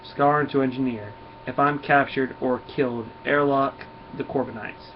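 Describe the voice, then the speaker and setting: A man's voice: mid-range voice, steady tone, normal speed, close to an everyday voice. A man voicing a ruthless male alien villain captain who gives cold, threatening commands, read off a comic page. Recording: dull lo-fi recording, faint hiss.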